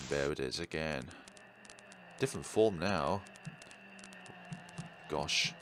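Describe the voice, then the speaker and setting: A man's voice: a bass voice, slow pace, long pauses, a bit bright. A man playing a horror game, reading its dialogue aloud and adding wry asides. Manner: wry asides, reads all roles aloud. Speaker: let's play host.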